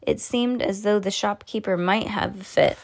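A woman reading a children's story aloud, expressive, with small slips and restarts. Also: medium pitch. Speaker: reader to a child.

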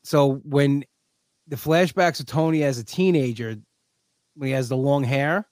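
A man hosting a podcast, chatting casually and animatedly, often acting out scenes in quick put-on voices. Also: medium pitch, a little mellow, no room sound. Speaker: podcast host. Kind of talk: casual chat.

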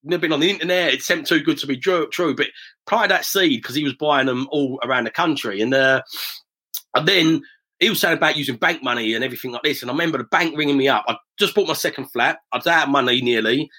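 Man, husky voice, rapid storytelling, interview guest. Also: medium pitch. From south-east England, near Romford. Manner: lively anecdotal, acts out quoted voices. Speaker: property investor, guest.

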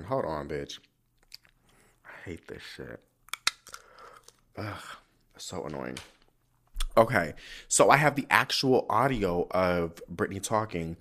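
A man hosting a podcast, talking in a sassy, profane, animated way. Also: deep voice, slow, pauses often. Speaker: podcast host. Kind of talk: casual commentary.

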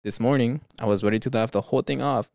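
A man's voice: mid-range voice, fast talker, vocal fry, a little mellow, no echo. A man hosting a podcast, chatting casually with lots of fillers and laughs, then reading stories aloud. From California. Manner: laughs often, rambling with fillers. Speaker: podcast host.

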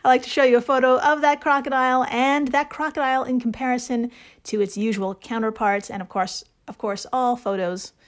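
A woman's voice: on the high side, steady tone, a little fast. A woman co-hosting a podcast, telling a story in casual chat, laughing often and swearing freely. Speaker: podcast co-host.

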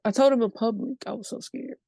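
Gravelly woman telling her story. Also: on the high side, fast, mellow, dry recording. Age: late 20s. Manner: candid, emotional, says "like" often. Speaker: podcast guest sharing her story. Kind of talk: personal storytelling.

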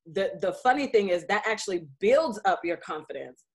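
A woman's voice: mid-range voice, lively intonation, normal speed. A woman hosting a casual interview, encouraging her guest and asking guided questions. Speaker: host.

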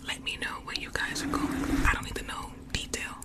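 A young woman whispering gently and repeating soft phrases as an ASMR live streamer. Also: brisk. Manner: gentle, repetitive, soothing whispers.

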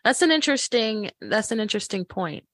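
A woman's voice: medium pitch, big pitch swings, fairly quick, fairly bright tone, no room sound. A woman co-hosting a podcast, chatting in a reflective, agreeing way. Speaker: podcast co-host. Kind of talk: casual chat.

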